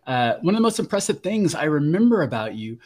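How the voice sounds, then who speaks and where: A man's voice: a little high, very animated, fast talker, darkish tone. A man hosting a podcast, interviewing casually and animatedly acting out other people's voices as he tells stories. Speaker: podcast host.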